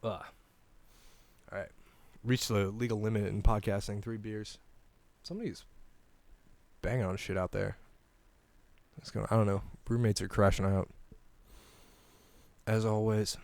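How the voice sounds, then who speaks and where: A man's voice: lowish voice, level tone, unhurried, gravelly, long pauses, darkish tone. A young man hosting a comedy podcast, talking casually in a meandering way and chuckling at his own jokes. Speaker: podcast host. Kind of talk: rambling comedy podcast monologue.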